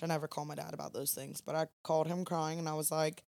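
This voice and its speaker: This is a young woman with a drawl, co-hosting a casual podcast. Her voice sits fairly low, and the sound is close and dry. She rambles easily through a long personal story. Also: little pitch movement, fast, creaky, darkish tone, no room sound. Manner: chatty, rambling, Southern "y'all" phrasing. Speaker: podcast co-host. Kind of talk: late-night casual storytelling.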